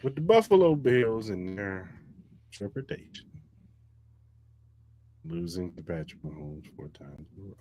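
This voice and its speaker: A man's voice: sits low, animated, mellow, a little hiss or hum. A man co-hosting a podcast, chatting casually about sports in a laid-back, teasing way. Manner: laid-back, teasing, drawn-out one-liners. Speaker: podcast co-host.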